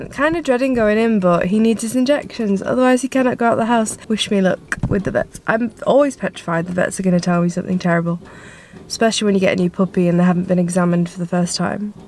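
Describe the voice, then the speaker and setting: A woman's voice: medium pitch, slight background noise. A young woman, talking casually to camera in a chatty, sweary, self-mocking way. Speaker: vlogger. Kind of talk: casual vlog talk.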